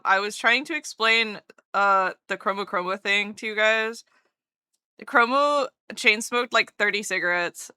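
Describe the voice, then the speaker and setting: A woman chatting casually on a live stream, bubbly and excitable, swearing freely as she greets viewers. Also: medium pitch, clean tone, no echo, studio quality.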